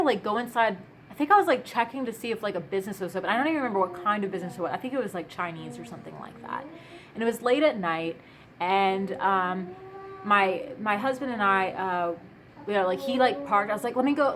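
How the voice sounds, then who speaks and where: Woman vlogger, casual storytime, chatty with many fillers, mid pitch. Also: a little hiss or hum.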